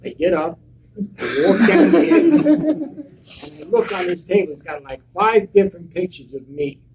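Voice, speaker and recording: An older man telling stories on a live convention panel in a blunt, profane, animated way. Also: sits high, moderate pace, crowd noise, poor audio. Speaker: panel guest.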